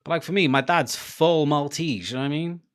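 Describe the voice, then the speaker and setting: A man's voice: fairly high pitch, brisk. Chatty, sweary Welsh man from Cardiff. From Wales, Cardiff. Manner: chatty, sweary, laughing between rants. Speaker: livestream host. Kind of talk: casual chat on a live football watchalong stream.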